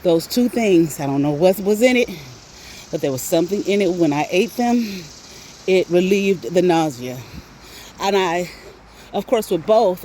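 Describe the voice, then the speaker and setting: A middle-aged woman chatting casually, animated and laughing often, with frequent swearing, while out on a walk. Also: lowish voice, a little hiss or hum. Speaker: vlogger. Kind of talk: casual storytelling chat. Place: outdoors on a walk.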